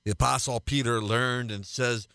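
A man's voice: mid-range voice, steady tone, normal speed, creaky, bright, forceful tone, clean tone, no room sound. An earnest male pastor teaching scripture on the radio, his voice sitting in an average register. He works up to emphatic, repeated refrains. The studio sound is close and dry.

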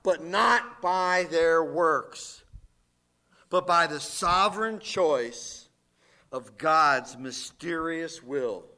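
A man preaching a sermon and reading scripture in a church, emphatic with dramatic swings in loudness. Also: high-pitched. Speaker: pastor.

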